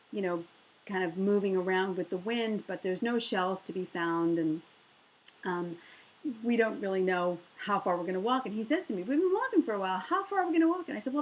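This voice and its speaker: A middle-aged woman, a motivational speaker, telling a personal story in an animated way and acting out the voices of the people in it. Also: poor audio. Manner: animated, acts out quoted voices with big pitch jumps.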